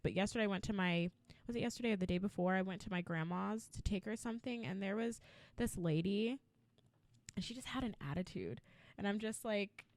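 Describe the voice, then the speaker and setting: Chatty mom telling a story, dry sound. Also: female voice, medium pitch, no echo. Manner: storytelling, lots of "like" fillers. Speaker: podcast co-host. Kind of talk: casual chat.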